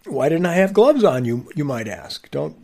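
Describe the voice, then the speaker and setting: A man with a husky voice tells a personal story on his podcast in a wry, conversational way. His delivery swings through a lively range, jumping high for emphasis and then sinking low and quiet. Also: normal speed. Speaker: podcast host.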